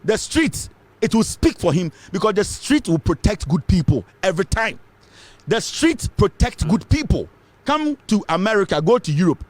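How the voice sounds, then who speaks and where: Brief: Ghanaian male commentator, fiery and emphatic, raised pitch, very animated delivery. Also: normal speed, dry recording. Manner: fiery, emphatic, repeats points, mixes English with Twi. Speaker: political commentator. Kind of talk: impassioned political commentary.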